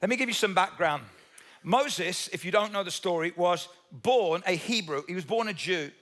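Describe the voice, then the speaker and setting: Male pastor, high voice, chatty sermon delivery, quizzes the congregation, throws in humorous asides. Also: moderate pace, fairly bright tone. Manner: conversational, asks the audience questions; tells Bible stories with humorous asides.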